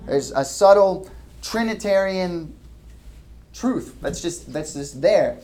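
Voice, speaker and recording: A male pastor delivering a sermon, reading scripture aloud, rising into loud emphatic questions and dropping to soft asides. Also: high voice, lively intonation, takes it slowly. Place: church hall with a ceiling.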